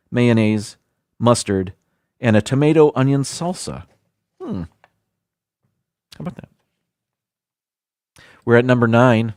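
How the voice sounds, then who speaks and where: Male streamer, casual and animated, reads a list with offhand jokes; dry close mic. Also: medium pitch, dry recording. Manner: chatty, self-deprecating, stumbles over foreign words. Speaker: livestream host. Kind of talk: casual livestream chat, reading a list aloud.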